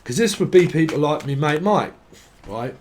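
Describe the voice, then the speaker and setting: A man's voice: on the high side, animated, normal speed, slight background noise. A man rambles through a tarot reading, swearing freely and drifting off on tangents. His voice sits a touch above the usual male range. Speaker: tarot reader.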